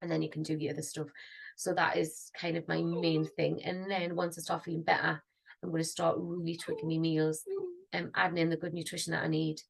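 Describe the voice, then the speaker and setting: A woman's voice: sits low, level tone, a little fast, vocal fry, slightly rough, rough recording. A woman, rambling and thinking aloud in a casual vlog. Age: 30s. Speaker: singer vlogging.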